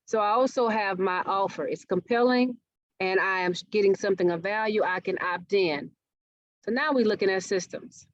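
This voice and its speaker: A woman teaches a business workshop in an engaging way, often asking her listeners if they follow. Her voice sits at a middling pitch. The webinar audio is dull and dry, with no room sound. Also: moderate pace, no echo. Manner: engaging, asks audience questions often. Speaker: marketing speaker.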